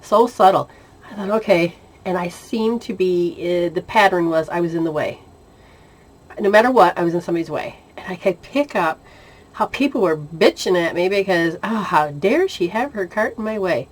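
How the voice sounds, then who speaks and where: A woman casually telling a personal spiritual story, animated, often laughing and acting out the dialogue. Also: fairly low pitch, normal speed. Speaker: spiritual intuitive sharing experiences.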